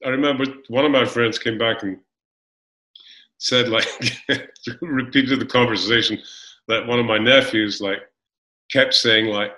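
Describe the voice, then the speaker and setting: A man's voice: medium pitch, a little slow, pauses often. A middle-aged man from Scotland, a guest actor chatting in an interview, rambling through fillers and restarts as he tells stories. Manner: rambling, full of fillers and restarts, animated storytelling. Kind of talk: casual interview chat. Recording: roomy echo.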